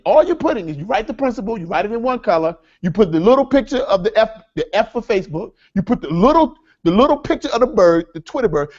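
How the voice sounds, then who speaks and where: High-voiced, energetic man teaching a seminar. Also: lo-fi sound. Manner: energetic, repetitive, preacher-like cadence, addresses audience as folks. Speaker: workshop speaker.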